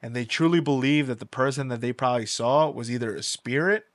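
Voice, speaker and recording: A young man hosting a podcast, telling a story in a casual, animated way, swearing freely. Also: mid-range voice, brisk, no room sound. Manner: animated, swears freely, acts out quoted voices. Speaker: podcast host.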